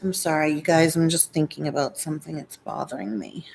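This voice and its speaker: A woman talks to her livestream viewers from home in a loose, rambling way, drifting from one thought to the next. Her voice sits a little low for a woman, with a faint hiss of noise behind it. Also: lively intonation, a little fast, creaky, a little mellow, low-quality recording. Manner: rambling, distracted chatter. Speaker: livestream host. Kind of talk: casual live-stream chat.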